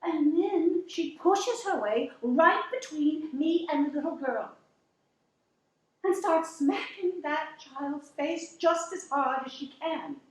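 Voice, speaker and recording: Stage monologue: a woman as a plain-spoken working wife, fairly high voice, unhurried emotional telling. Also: reverberant, low-quality recording. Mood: tense. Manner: slow, emotional, earnest retelling. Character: down-to-earth working wife finally standing up. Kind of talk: dramatic monologue storytelling.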